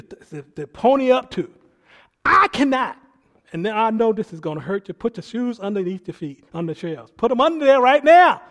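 A male pastor delivers a sermon in a voice that sits high, moving back and forth between quiet asides and loud preaching. He imitates people by putting on voices for their quoted words.

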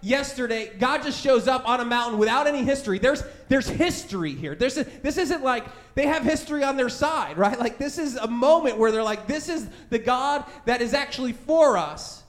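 High-voiced man preaching with animated stories. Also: a little fast, hardly any pauses. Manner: animated storytelling, acting out scared voices; conversational, many fillers like "right?" and "like". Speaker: pastor. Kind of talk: sermon with personal story.

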